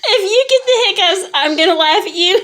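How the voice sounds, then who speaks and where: A woman's voice: extremely high pitch, animated, fairly quick, fairly bright tone. A woman vlogger with the hiccups, laughing helplessly through her words in a casual monologue to camera. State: has the hiccups.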